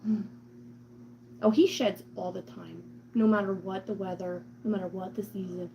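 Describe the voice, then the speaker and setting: Woman, cat owner vlogger, casual chat, rambling, fillers, gravelly, mellow. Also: medium pitch, steady tone, normal speed, dull audio, slight background noise. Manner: chatty, rambling, full of "like" and "um"; slips into cooing baby talk to her cat.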